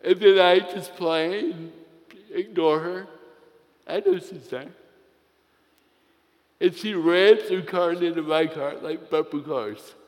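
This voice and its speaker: Guy preaching slow, kinda high voice, joking around in his story, long echo like a big church. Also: a little mellow. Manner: slow, storytelling with playful humor. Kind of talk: sermon with personal story. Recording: long reverb of a large hall.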